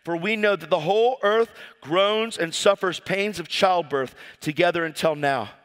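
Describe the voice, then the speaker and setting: Fervent preacher man in a reverberant hall. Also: normal speed. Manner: fervent, swings from loud cries to quiet low asides. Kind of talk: sermon with scripture reading and stories.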